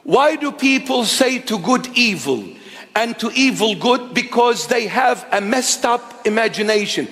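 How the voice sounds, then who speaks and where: High-voiced, slow-preaching man in his fifties. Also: animated, a bit bright, in a large hall. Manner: emphatic, repetitive preaching. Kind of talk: sermon.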